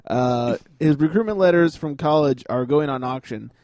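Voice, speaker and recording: Man, podcast co-host, casual sports chat, joking, fairly high voice, dry close sound. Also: dry recording. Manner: animated, crude, quick to joke.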